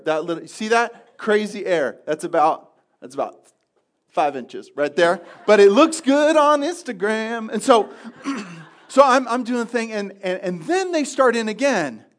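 A man's voice: sits high, lively intonation, measured pace. A man pastor telling a funny story in a sermon, chatty and self-deprecating, with many restarts.

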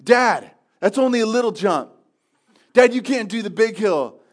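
A man voicing his four-year-old son, a cocky little boy who brags and teases his dad, in a raised, high voice during a sermon story. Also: lively intonation, normal speed. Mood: taunting. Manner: bragging, teasing.

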